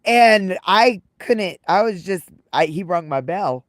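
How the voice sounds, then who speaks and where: A woman's voice: fairly low pitch, expressive, slow, no room sound, studio quality. A woman live streamer telling casual stories to her viewers, rambling and repeating her phrases. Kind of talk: casual livestream storytelling.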